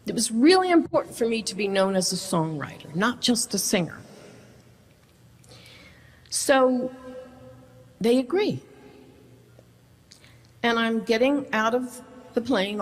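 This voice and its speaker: Excitable woman telling a story. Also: fairly high pitch, long reverb tail, rough recording. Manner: excitable, animated, stumbling restarts. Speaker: singer-songwriter telling her story. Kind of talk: personal storytelling.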